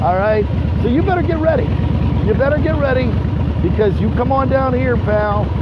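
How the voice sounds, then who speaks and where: A man giving a boat tour, talking in a brash, teasing monologue straight to the listener and repeating himself for effect. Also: very high voice. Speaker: tour guide. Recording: dull boat recording with motor noise.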